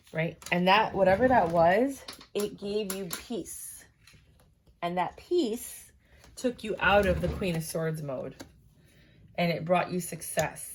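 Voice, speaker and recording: Low voiced lady doing a tarot reading, kinda sleepy, chatty, lots of um and like. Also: a little hiss or hum. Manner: chatty, reassuring, fillers and asides. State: tired, yawning. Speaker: tarot reader. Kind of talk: casual tarot reading to camera.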